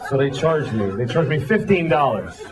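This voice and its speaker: A man's voice: medium pitch, expressive, moderate pace. Dry self-deprecating stand-up comic man. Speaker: stand-up comedian. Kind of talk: stand-up routine. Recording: noisy live club with loud crowd. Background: audience laughter.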